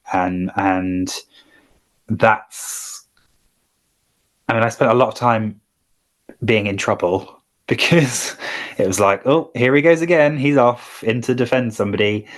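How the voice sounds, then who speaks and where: A man appearing as a podcast guest, speaking in a reflective, thoughtful way about his experiences. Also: lowish voice. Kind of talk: casual podcast chat.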